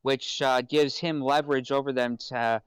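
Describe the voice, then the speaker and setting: A man's voice: mid-range voice, steady tone, moderate pace, smooth, no echo, rough recording. A man on a podcast, talking casually about a film and stammering, repeating words over and over. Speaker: podcast co-host.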